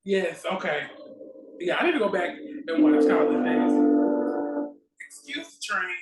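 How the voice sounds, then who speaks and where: A woman guest on an interview show, telling stories in a casual, lively way and acting out the exchanges she remembers. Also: fairly low pitch, slow, echoey room, over loud music, poor audio. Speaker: guest actress. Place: at home near a railway line.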